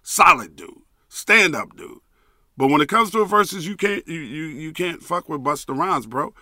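Man, podcast host, profane emphatic rant, catchphrase repeated, fairly high voice, forceful tone. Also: animated, normal speed, no echo, studio quality.

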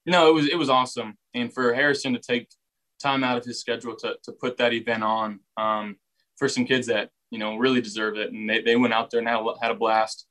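A young man speaks in an even, flat tone with little rise or fall. He answers reporters' questions casually and often restarts a phrase before finishing it. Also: mid-range voice, brisk, rough recording. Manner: relaxed, repeats words while finding phrasing. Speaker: football quarterback at a press session. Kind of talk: casual press interview answers.

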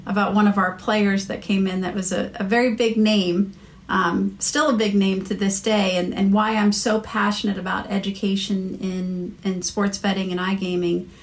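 A woman's voice: mid-range voice, level tone, normal speed. An American woman chats as a podcast guest, telling stories at her own easy rhythm. She fills her talk with ums, restarts and little asides, in a voice that sits in a middle range. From United States. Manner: chatty storyteller, many fillers and restarts. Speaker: marketing executive guest. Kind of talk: casual podcast interview.

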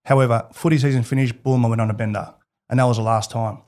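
A man with an Australian accent, a guest in an interview, telling personal stories in a candid, animated way and laughing as he goes. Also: mid-range voice, fast talker. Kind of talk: casual storytelling.

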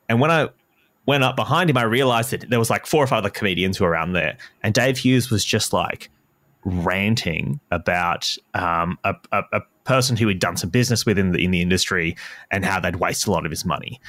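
A man's voice: on the low side, brisk, fairly bright tone. A man, a comedian hosting a podcast, telling a rambling casual story full of fillers and swearing.

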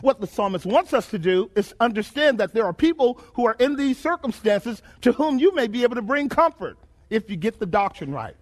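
A male preacher delivering a sermon in a call-and-response style, repeating his phrases and rising to shouts. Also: extremely high pitch, animated, brisk.

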